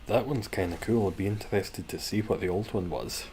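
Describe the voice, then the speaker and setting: There's a little hiss or hum behind this man's low, slightly mellow voice as he talks briskly. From Scotland, he livestreams a game from home and chats wryly with his audience between moves.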